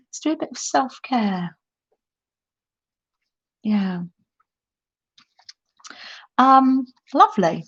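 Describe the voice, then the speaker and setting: Sitting at a craft table inside a holiday home, this middle-aged woman runs a relaxed craft stream, laughing a lot as she chats and reads out viewers' comments. She speaks in a medium, slightly mellow voice, recorded muffled on a laptop mic.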